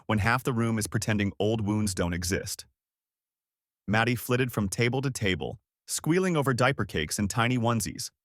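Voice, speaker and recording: A man narrating a first-person story in a steady, even storytelling manner. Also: mid-range voice, no room sound, studio quality.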